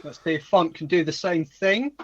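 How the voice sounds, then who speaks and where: Brisk teasing quizmaster on a call. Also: male voice, on the high side. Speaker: podcast host, quizmaster. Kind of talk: casual chat. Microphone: online call. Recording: dull online call audio.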